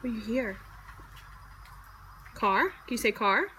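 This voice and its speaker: A woman's voice: fairly high pitch, expressive, a little slow, pushed and bright. A young mother in a home video, coaxing her toddlers to say words in a sing-song voice. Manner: coaxing sing-song talk to small children. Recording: noisy home recording.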